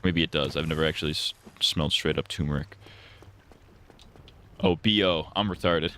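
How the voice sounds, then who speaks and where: A man's voice: a bass voice, expressive, normal speed, pushed and bright. A young man streaming a game, joking, swearing and rambling in casual crude commentary. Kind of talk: crude live gaming commentary.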